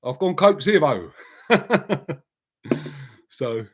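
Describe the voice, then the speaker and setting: A man's voice: a little high, very animated, drawn-out words, slightly rough. A man hosting a casual live chat, talking bluntly in a rambling way and answering viewers by name. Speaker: livestream host.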